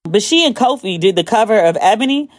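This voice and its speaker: A woman hosting a casual chat show, talking in an animated way, swearing freely and jumping high in pitch when excited, recorded on her phone. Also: a little fast, no echo. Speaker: podcast host.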